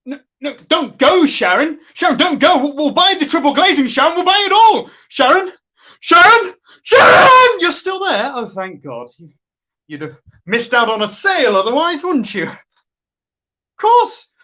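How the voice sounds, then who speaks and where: A woman's voice: a little high, wildly swooping pitch, unhurried, long pauses, a bit bright, exaggerated voice. A woman playing a boastful, sleazy office boss. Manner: boastful and flirtatious. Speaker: sketch performer. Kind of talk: comic monologue on a phone call.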